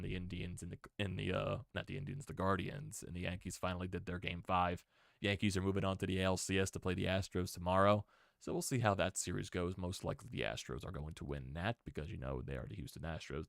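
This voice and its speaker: Hyped up guy recapping a ball game on his stream, low gravelly voice, dry close sound. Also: no echo. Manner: excitable, repetitive exclamations. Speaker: sports stream host. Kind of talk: casual sports recap stream.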